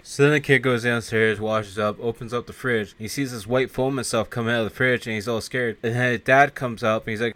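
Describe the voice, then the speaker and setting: A man's voice: mid-range voice, steady tone, fairly quick, hardly any pauses, a bit bright. A man hosting a film review podcast, chatting casually and sarcastically, swearing now and then and acting out scenes. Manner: rambling, sarcastic, swears, acts out lines in silly voices. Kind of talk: casual chat.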